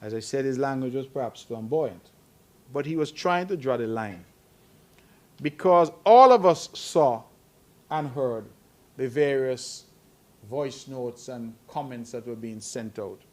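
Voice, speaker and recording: A man's voice: medium pitch, lively intonation, measured pace, a little mellow. A middle-aged man giving earnest, admonishing remarks at a press conference, growing emphatic. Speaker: head of government at a press conference.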